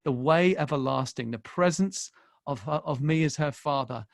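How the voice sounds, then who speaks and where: A pastor in his forties delivers an impassioned sermon in a fairly high voice. He moves from quiet, tender storytelling to forceful emphasis. The sound is close and dry. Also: normal speed, vocal fry, no echo. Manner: impassioned, shifting between hushed and loud emphasis. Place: church.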